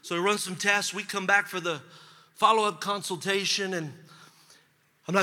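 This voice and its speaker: High-voiced preacher guy, super bright punchy tone, church hall echo, acts out the lines as he tells it. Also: moderate pace, pauses often. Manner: animated storytelling, acts out dialogue. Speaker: pastor. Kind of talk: sermon. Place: church sanctuary. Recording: long hall reverb.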